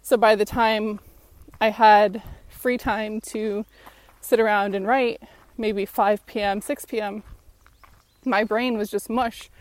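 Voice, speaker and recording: A woman vlogging in a loose, chatty way, circling back and correcting herself mid-thought. She sounds a little out of breath. Her voice sits at an ordinary pitch, and the recording is dry and close, with no room sound. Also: fairly even intonation, slow pace, long pauses, dry recording. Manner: rambling, self-correcting, frank. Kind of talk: casual chat.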